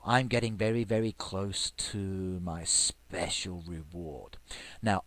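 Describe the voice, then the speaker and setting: A man with a fairly low voice gives casual commentary while he plays a farming game. He talks chattily to his viewers, often leaping high with excitement or dropping into a hushed whisper as he waits for a delivery. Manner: chatty, playfully excited, with squeals and sudden whispers. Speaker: game video creator. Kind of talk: gameplay commentary.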